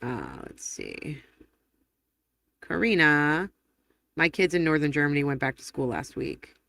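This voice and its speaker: A woman hosting a casual live stream, rambling through viewer comments with quick laughs and self-corrections. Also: sits low, wildly swooping pitch, creaky, a bit bright. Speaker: livestream host. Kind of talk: casual livestream chat, reading viewer comments aloud.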